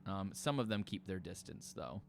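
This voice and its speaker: A man's voice: low voice, lively intonation, normal speed, creaky. A man narrating as game master of a tabletop game, casual, with fillers.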